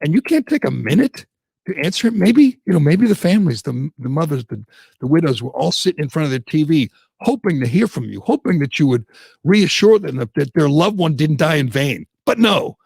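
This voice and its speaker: Male talk-radio host, raspy, a touch high, indignant, close dry studio mic. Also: big pitch swings, brisk, darkish tone, dry recording. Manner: heated, indignant and sarcastic; mocks others in put-on voices. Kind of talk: opinionated talk radio rant.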